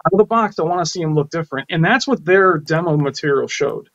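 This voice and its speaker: An opinionated man co-hosts a live tech chat, speaking with enthusiasm in a slightly higher voice. His sound is a bit dull and muffled. It is also dry, with no room echo. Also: animated, quick pace, gravelly, fairly bright tone. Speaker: co-host.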